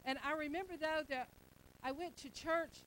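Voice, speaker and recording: A woman's voice: high-pitched, normal speed, a bit bright, slight background noise, rough recording. A middle-aged woman pastor preaching a sermon, emphatic and repetitive, acting out bits of everyday dialogue.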